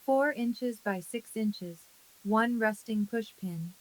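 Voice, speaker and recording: A woman in her thirties narrating a dramatic first-person story in a calm, measured, quietly intense way. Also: on the high side, rough recording.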